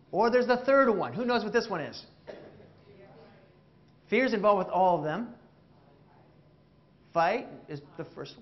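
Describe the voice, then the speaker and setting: Man, high-pitched, keynote speaker, animated, joking, quizzing the audience, muffled lo-fi recording. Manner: animated, jokey, questions the audience. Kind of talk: interactive motivational keynote. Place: stage before a live audience.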